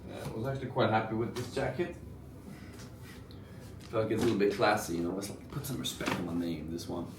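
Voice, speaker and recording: A man's voice: lowish voice, steady tone, fairly quick, background noise. A man in his twenties vlogging casually, rambling with fillers and restarts. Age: 20s. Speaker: entrepreneur vlogger. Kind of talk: casual vlog narration.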